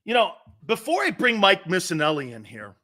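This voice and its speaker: A man's voice: high-pitched, huge pitch swings, a little fast, bright, forceful tone. A man hosting a sports talk show, combative and opinionated, firing rhetorical challenges.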